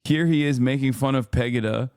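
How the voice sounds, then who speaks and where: A man's voice: mid-range voice, brisk, a little mellow, smooth, no room sound, studio quality. Profane, laughing male streamer. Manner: brash, profane, laughing, mock accents. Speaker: streamer reacting to a video. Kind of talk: casual live-stream chat.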